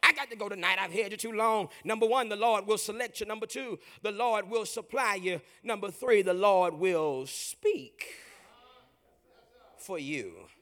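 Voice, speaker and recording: A male pastor preaching a sermon to a congregation, calling for responses and building to shouts. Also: high-pitched, brisk, hardly any pauses. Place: church with congregation.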